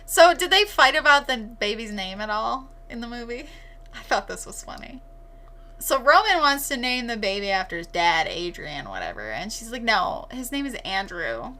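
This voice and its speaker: A woman co-hosting a podcast in casual chat, animated and swearing, acting out quotes. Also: on the high side, moderate pace. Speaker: podcast co-host.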